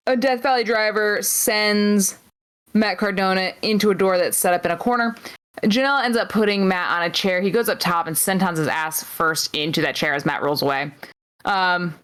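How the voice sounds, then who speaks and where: A woman co-hosting a podcast, casually recapping wrestling matches move by move with frequent pauses. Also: fairly low pitch, fairly bright tone, clean tone. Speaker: podcast co-host.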